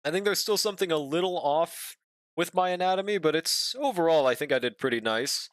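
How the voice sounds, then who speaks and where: A man's voice: on the high side, expressive, fairly quick, no room sound, studio quality. A man streaming live, chatting casually while he draws, joking and cursing, humming to himself between remarks. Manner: joking, profane, hums to himself.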